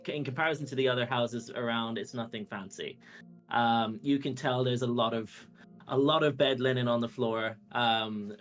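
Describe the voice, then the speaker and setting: A man's voice: mid-range voice, fairly bright tone. A man casually describing his character in a tabletop game, rambling and using many fillers. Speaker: player.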